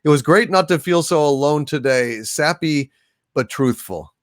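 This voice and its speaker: A man hosting a casual livestream, thanking viewers by name in a soft, halting way. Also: on the high side, animated, no room sound, clean studio sound. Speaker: livestream host. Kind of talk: casual livestream chat, reading viewer donations.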